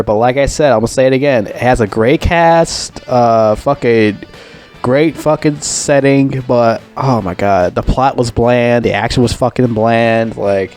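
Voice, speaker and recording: A man's voice: mid-range voice, darkish tone. A man giving a casual, profane movie review, rambling and complaining in an exasperated way.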